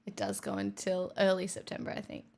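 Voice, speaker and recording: A woman's voice: mid-range voice, completely flat delivery, fairly quick, vocal fry, darkish tone. A young adult woman streaming, reading chat aloud in a playful, teasing casual chat.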